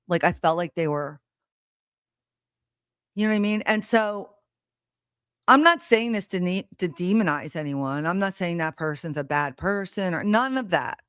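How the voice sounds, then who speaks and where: A woman with a mid-range, clean-toned voice hosts a live stream, recorded on a streaming mic with clean studio sound and no room echo. Talking casually to her audience, she tells a personal story bluntly and heatedly, swearing freely.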